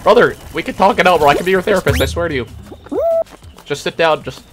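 A young man streaming a game live, chatting and joking with his chat and shouting at the game. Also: on the high side, fast, music in the background. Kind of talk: live gaming stream commentary.

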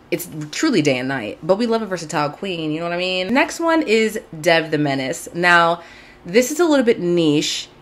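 A woman's voice: sits low, a little hiss or hum. A young woman from Southern California hosting a casual video podcast, gushing and chatty with lots of "like". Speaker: podcast host. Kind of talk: casual chat to camera. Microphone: camera mic, video-call style.

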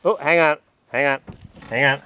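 A man's voice: a little high, moderate pace. A man filming himself outdoors as he loads his car onto a trailer, joking, teasing and giving instructions. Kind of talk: casual joking chatter. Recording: noisy outdoor camcorder audio.

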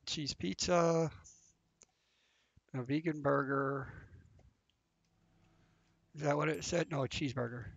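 A man's voice: on the high side, slow pace, creaky, long pauses, dry recording. A man giving casual, flustered commentary while playing a game, thinking aloud as he goes. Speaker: gameplay commentator. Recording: dull, lo-fi, dry sound.

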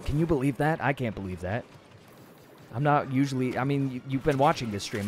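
A man streaming a shooter game, excitably exclaiming and chatting with his viewers. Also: medium pitch, brisk, slightly rough. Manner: excitable, exclaiming, talks to chat. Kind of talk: casual gameplay livestream commentary.

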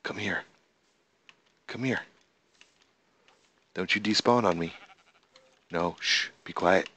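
A man casually commenting on his own gameplay, excitable and talking to the animals and monsters he meets. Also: lowish voice, takes it slowly. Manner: excitable, talks to the animals and mobs in the game. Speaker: gamer. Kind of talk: casual let's-play commentary. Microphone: desk microphone.

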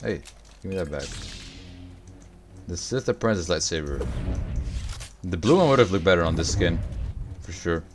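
A young man livestreaming a video game, chatting with viewers, swearing and reacting loudly to the game. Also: sits low, animated, normal speed, long pauses, a little hiss or hum. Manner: profane, reacts loudly to the game, answers chat. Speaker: streamer. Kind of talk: casual gaming livestream chat.

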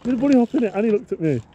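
Lively young man at a skatepark. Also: extremely high pitch, highs cut off. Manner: jokey, lively, laughs often. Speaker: channel host filming a BMX session. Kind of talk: casual banter while riding. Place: outdoor skatepark. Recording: outdoor camera audio with loud background noise. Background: outdoor park noise.

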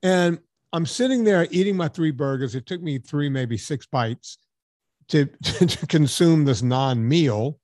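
A man's voice: fairly high pitch, unhurried, no echo, clean studio sound. A man hosting a podcast, telling a story in casual chat and acting out the dialogue, with some casual swearing. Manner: animated storyteller, acts out dialogue. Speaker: podcast host.

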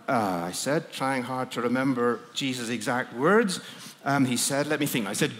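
A man's voice: medium pitch, lively intonation, moderate pace, fairly bright tone, long reverb tail. A man preaching a sermon as a dramatic first-person story, often hesitating and searching for words. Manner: hesitant, searching for words, with frequent fillers and laughs. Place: large conference hall.

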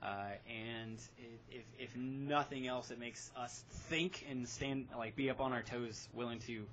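A man hosting a casual podcast, talking in an excitable, rambling way with quick laughs. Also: mid-range voice, a little hiss or hum. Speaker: podcast host. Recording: dull lo-fi podcast audio.

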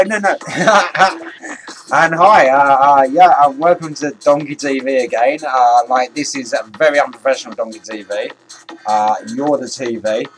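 A man vlogging in an excitable, rambling way, with lots of restarts and casual swearing. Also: on the high side. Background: faint electronic music.

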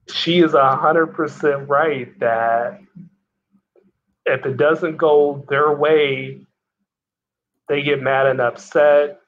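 A man who is a guest on a casual podcast chat, giving his opinions in a measured, matter-of-fact way. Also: mid-range voice, a bit bright, muffled recording.

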